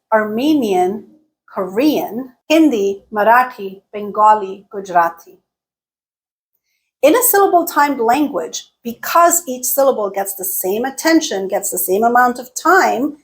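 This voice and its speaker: A woman hosting her own channel, giving a scripted English lesson in a deliberate style that stresses key words. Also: a little high, poor audio. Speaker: English teacher and channel host.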